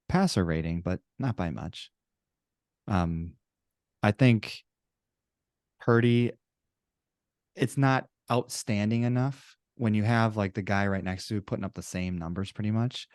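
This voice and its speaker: A man co-hosting a casual sports podcast, measured as he works through stats. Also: on the low side, darkish tone, no echo, clean studio sound. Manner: measured, reels off stats, laughs easily. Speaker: podcast co-host.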